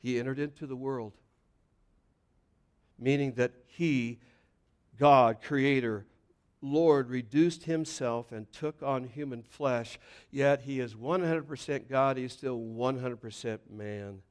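A man preaching a sermon, reading scripture and explaining it, building to loud emphatic points and dropping to quiet, low passages. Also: slow pace. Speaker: pastor.

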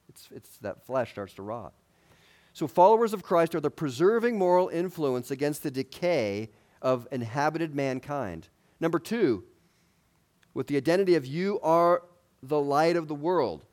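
A man's voice: a little high, a little mellow. A man preaching a sermon in a conversational way, asking his listeners questions and adding light humor.

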